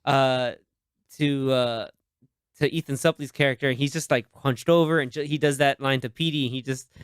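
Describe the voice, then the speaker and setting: A man's voice: mid-range voice, moderate pace, clean tone, no echo, clean studio sound. A man hosting a podcast, chatting casually and animatedly about movies and acting out favorite lines. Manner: animated, quotes film lines in put-on voices. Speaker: podcast host.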